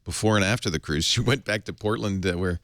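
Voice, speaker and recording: A man's voice: fairly low pitch, fast talker, a bit bright, dry recording, clean studio sound. A man hosting a tech podcast, chatting casually and reading an ad, jokey and laughing often. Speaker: podcast host. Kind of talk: casual tech podcast chat and host-read ad.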